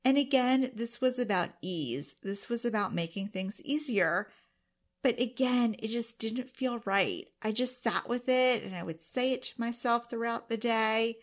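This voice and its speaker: A woman with a slightly high voice speaks at a measured pace, hosting her own podcast solo. She addresses her listeners earnestly and with deep emotion, sometimes close to tears.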